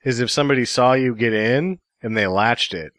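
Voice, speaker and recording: A man's voice: medium pitch, moderate pace, a bit bright, no echo. A man co-hosting a casual movie podcast, making laid-back, wry comments. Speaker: podcast co-host. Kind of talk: casual movie review chat.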